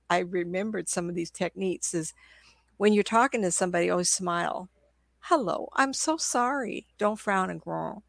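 A woman's voice: medium pitch, dry recording, clean studio sound. An older woman speaking with a sore throat, telling stories in a rambling casual chat, with many restarts. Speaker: psychic medium guest. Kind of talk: casual conversational storytelling.

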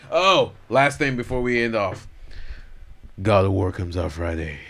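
A man's voice: lowish voice, lively intonation, measured pace, fairly bright tone. A man co-hosting a podcast, chatting casually and joking with his friend. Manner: laid-back, joking banter. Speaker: podcast co-host. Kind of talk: casual chat.

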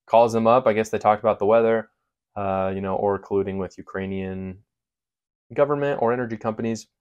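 A man delivers a heated political monologue in a fairly low voice, stressing his points with sarcasm and indignation. He talks straight to his viewers like a commentator building a case. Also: steady tone, fairly quick, a little mellow, clear, resonant tone, lo-fi sound. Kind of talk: opinion monologue.

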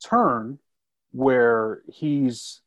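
Man, film critic, mid-pitched voice, emphatic, casual, restarts a lot. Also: very slow, a bit bright. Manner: emphatic, with filler-heavy restarts. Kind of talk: casual film review chat.

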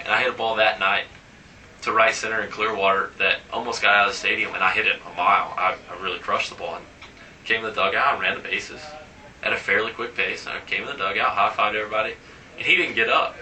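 A male baseball player recounts games in a casual interview, animated and acting out what everyone said. His voice is very bright and a little low, picked up from some distance with a faint hiss underneath. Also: fast. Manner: animated, acts out dialogue in anecdotes.

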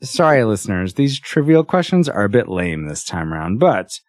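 A man hosts a casual podcast, chatting and laughing often. His pitch swings widely, and the sound is dry and close. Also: big pitch swings, moderate pace, no room sound. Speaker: podcast host.

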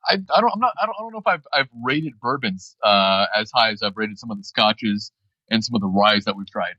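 A man co-hosting a podcast in casual chat, halting and restarting his sentences, laughing easily. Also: on the low side, animated, no room sound, lo-fi sound. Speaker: podcast co-host.

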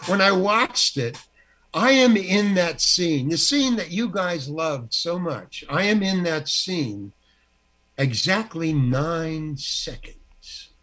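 An older man, an actor guest, telling an anecdote in an animated, self-deprecating way and acting out the dialogue. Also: fairly high pitch, slow pace. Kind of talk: anecdotal storytelling.

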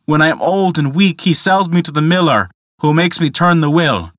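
A man's voice: a little high, lively intonation, moderate pace, fairly bright tone, no room sound, studio quality. A man voicing a tired male horse, resigned to hardship, in a fable. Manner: resigned, rueful.

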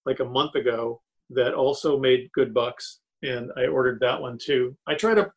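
A man who works in comics, talking casually and a bit haltingly on a podcast. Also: mid-range voice, husky, rough recording. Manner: chatty, halting with fillers and restarts. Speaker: comics creator and guest. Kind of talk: casual chat.

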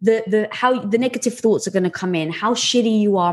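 Lively, breathy woman telling candid stories. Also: mid-range voice, brisk, hardly any pauses. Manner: animated, swears casually, laughs often. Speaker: podcast guest. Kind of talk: candid conversational storytelling.

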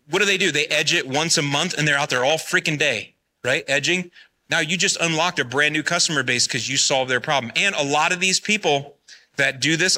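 A man with a very bright, sharp-edged voice, speaking from a conference stage. He talks bluntly and in a folksy, fired-up way, and his pitch sits a little high for a man. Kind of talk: live conference talk. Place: conference hall.

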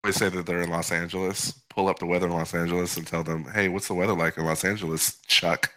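A low-pitched man with a bright, forceful edge to his voice trades banter on a casual podcast. He needles his co-host with cheeky, provocative questions. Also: little pitch movement, quick pace. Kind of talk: casual crypto news chat.

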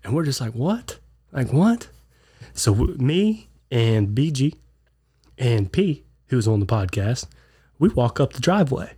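His medium-pitched voice is sing-song, dark and breathy, and a clogged ear makes it sound congested. Talking a little slowly, this podcast co-host chats casually, telling loose stories and acting out the words of the people he quotes.

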